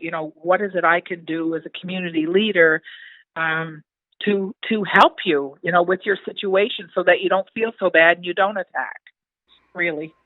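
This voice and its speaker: A woman's voice: on the low side, dry recording. An older woman, a town mayor, speaking earnestly and from the heart in a casual interview, often restarting her sentences. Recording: tinny phone-line audio.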